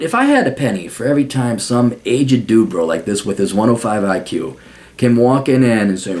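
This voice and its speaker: A man's voice: mid-range voice, big pitch swings, a little fast, a little mellow. A man hosting a podcast, ranting casually in a profane, sarcastic way. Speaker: podcast host.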